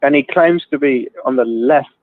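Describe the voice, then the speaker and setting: A man hosts a casual call-in livestream, joking around and telling rambling, bawdy stories while laughing. His voice is medium-pitched at a normal speed, with no echo but a tinny, phone-like sound.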